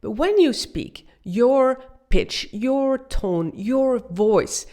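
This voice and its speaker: Woman, non-native English, vocal coach, upbeat, emphatic, pauses between phrases. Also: fairly high pitch, expressive, mellow. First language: not English. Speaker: voice and accent coach, host. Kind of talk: presenting a video lesson.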